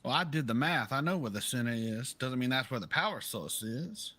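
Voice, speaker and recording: A man's voice: mid-range voice, animated, brisk, pushed and bright, a little hiss or hum. A man chatting and joking in character as a player in a tabletop role-playing game. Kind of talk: casual tabletop game chat.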